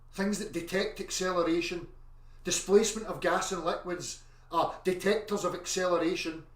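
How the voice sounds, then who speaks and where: An online commentator with a high voice rants aggressively in a monologue, insisting on his points and swearing as he argues. The mic is distant, so his voice is off-mic in an echoey room.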